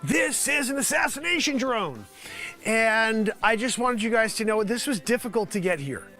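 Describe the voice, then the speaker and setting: A man with a high, bright voice riffs through an improvised comedy bit as a mock news reporter, now and then breaking into shouts. Music plays faintly behind him. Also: big pitch swings, moderate pace. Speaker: host of a live comedy stream.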